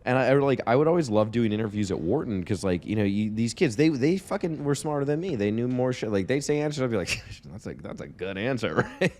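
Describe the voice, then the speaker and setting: A man co-hosting a podcast, telling stories casually with lots of profanity and animated asides. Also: mid-range voice, quick pace, few pauses. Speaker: podcast co-host. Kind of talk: casual chat.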